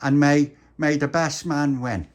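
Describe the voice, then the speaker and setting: A man voicing an excitable little girl who bosses the others in a storybook game of cowboys. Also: measured pace, lightly acted. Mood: bossy. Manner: high, eager and commanding.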